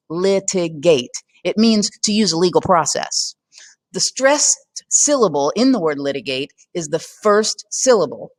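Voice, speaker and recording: A woman's voice: fairly low pitch, no echo. A woman narrating a scripted poetry lesson in a conversational way, often putting questions to the listener. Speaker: teacher.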